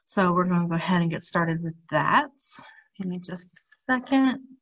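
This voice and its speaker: A woman's voice: lowish voice, expressive, moderate pace, a bit bright, highs cut off. A woman librarian reading a picture book aloud to children in a friendly, casual manner.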